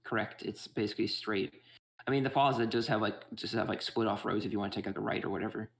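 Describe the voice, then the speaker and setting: A man's voice: lowish voice, quick pace. A man running a tabletop game as game master, rambling and correcting himself.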